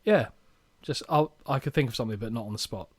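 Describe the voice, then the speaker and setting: A man's voice: medium pitch, fast talker. A young man co-hosting a podcast, reading a match recap with playful asides. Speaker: podcast co-host.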